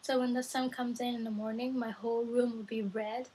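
A woman's voice: a little high, flat delivery, brisk, warm tone, breathy edge, low-quality recording. A woman vlogging from her bedroom at night, chatting eagerly and directly to her viewers while teaching Japanese words. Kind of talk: casual vlog talk to viewers.

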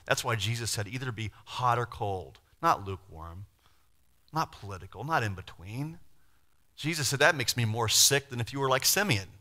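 Bright-voiced man preaching a lively sermon. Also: medium pitch. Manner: lively, acts out voices of Bible figures, laughs, asks the congregation questions. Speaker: pastor. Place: church.

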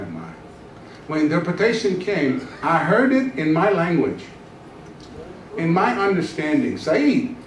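A man in his thirties giving a testimony sermon as a pastor, telling his story with dramatic hushed drops and acted-out quotes. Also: sits high, background noise. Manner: storytelling, acts out his own past voice with dramatic drops to a hush. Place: church sanctuary. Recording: echoey church hall, mic from a distance.

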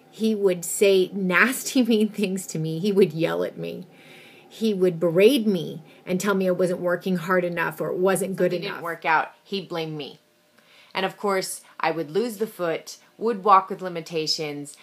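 Lady vlogger telling her own story to the camera, breathy kinda husky voice, really leans into it. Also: on the low side. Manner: expressive storytelling with vivid emphasis.

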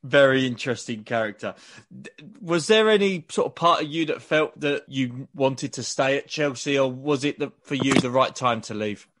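A man hosting a podcast, asking measured, polite interview questions. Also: medium pitch, fairly bright tone. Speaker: podcast host.

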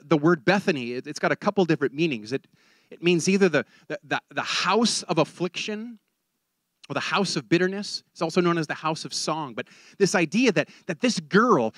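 Male preacher, high and lively voice, animated sermon, repeats words, dry close sound. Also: dry recording. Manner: animated, repeats words while building a point.

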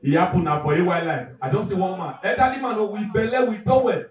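A man with a Nigerian accent doing live stand-up comedy, animated and loud, acting out characters and shouting punchlines. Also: high-pitched, quick pace, echoey room, far from the mic, rough recording. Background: audience.

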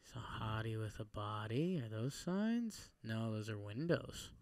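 A man co-hosting a podcast, chatting casually and joking excitedly while playing a guessing game. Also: fairly low pitch, measured pace, dry recording. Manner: joking, excitable, jumps in loudly. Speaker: podcast co-host.

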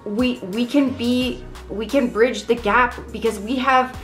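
A woman's voice: fairly high pitch, steady tone, unhurried. A young adult woman talking candidly to camera in a casual vlog, earnest and reflective. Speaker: vlogger. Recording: echoey room with faint music.

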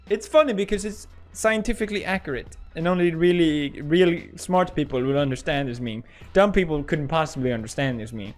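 A man's voice: on the high side, lively intonation, moderate pace, faint music behind. A young man hosting comedic meme commentary, goofy and ironic, laughing often. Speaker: host.

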